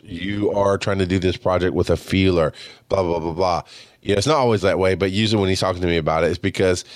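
A man in his thirties telling personal stories as a podcast host, expressive and casual, swearing freely and acting out what people said. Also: low-pitched, no room sound, clean studio sound. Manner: expressive, swears casually, acts out quoted dialogue. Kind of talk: personal storytelling monologue.

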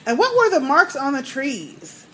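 A woman co-hosting a podcast in easy casual chat. Her voice sits high and swings widely as she talks. She is animated and salty, and a faint noise floor runs under the recording. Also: measured pace. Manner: animated, profane, laughs often. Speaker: podcast co-host reading listener email.

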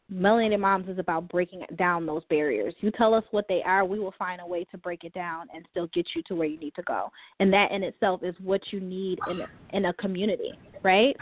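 A woman guest in an interview, speaking passionately and persuasively, often saying "you know". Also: medium pitch. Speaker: guest, community founder. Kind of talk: casual interview chat. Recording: dry, tinny phone-like line.

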